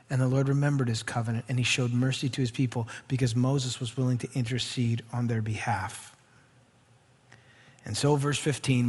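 High-pitched preacher reading verses and chatting between them, big echoey hall. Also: male voice, breathy edge. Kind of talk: sermon with scripture reading. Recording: reverberant hall.

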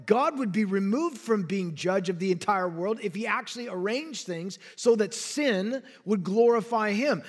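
Male preacher, high-pitched voice, emphatic and dynamic sermon delivery. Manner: emphatic, dynamic delivery with sudden drops and bursts. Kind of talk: expository sermon.

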